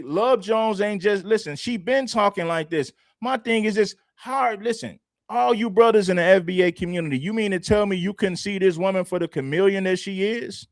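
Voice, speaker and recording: A man with a high-pitched voice gives reaction commentary on a livestream. He talks emphatically and mockingly, firing one rhetorical question after another at his viewers. The sound is dry and close, with no room around it. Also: no room sound.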